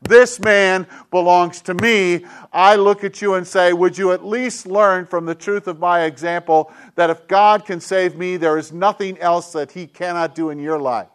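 A middle-aged male pastor preaching a sermon with an emphatic, repetitive cadence, dropping at times into soft, hushed tones. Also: high voice, steady tone, moderate pace, few pauses, smooth. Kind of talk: sermon to a congregation with kids.

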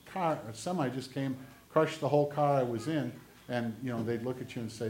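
A man preaching a sermon as pastor, swinging between loud, urgent exhortation and quiet, low asides. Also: reverberant.

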